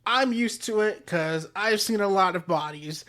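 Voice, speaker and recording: A man's voice: high voice, unhurried, pushed and bright. Brief: cool teen detective, casual slang, offhand and unbothered, a man playing him. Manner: slangy, laid-back and offhand.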